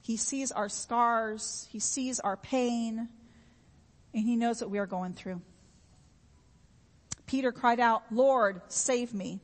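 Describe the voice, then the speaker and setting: A woman's voice: fairly high pitch, fairly even intonation, slow pace, pauses often, big-room sound. A woman preaching a sermon in an earnest, repetitive way, with homey everyday examples.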